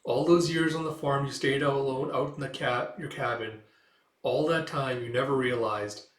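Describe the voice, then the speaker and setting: A man voicing a steady, earnest older hero who speaks calmly to his team. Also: mid-range voice, normal speed, roomy sound, lightly acted.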